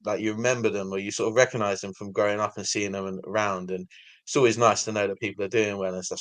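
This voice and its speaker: Host, quick pace, lowish voice, rambles friendly questions. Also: male voice. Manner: rambling, friendly, many fillers. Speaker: podcast host. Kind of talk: casual podcast interview.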